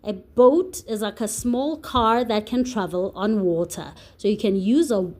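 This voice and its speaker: A woman's voice: on the high side, a little mellow. A woman tutor teaching a phonics and spelling lesson to young children, patiently sounding out letters and words.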